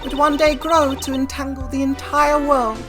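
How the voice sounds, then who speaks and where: A woman's voice: high voice, level tone, music in the background, pitched above the performer's own voice, close to an everyday voice. A woman voicing a serene blind singer. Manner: slow, soft, formal phrasing. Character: serene blind female singer, gentle, poised. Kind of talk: fan voice-acted game dub.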